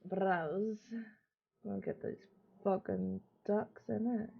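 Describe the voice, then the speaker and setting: A young woman from Northern Ireland with a Northern Irish accent, chatting casually and excitably on a live stream and swearing often. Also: mid-range voice, takes it slowly, vocal fry, breathy edge. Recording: dull lo-fi stream audio with soft music. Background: soft music.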